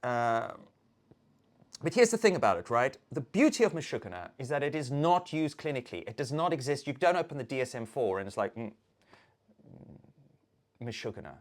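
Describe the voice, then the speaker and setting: A woman with a low voice, ranting casually into the camera. Her pitch swings all over the place as she swears her way through a theatrical, animated tirade. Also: moderate pace, long pauses. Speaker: video maker.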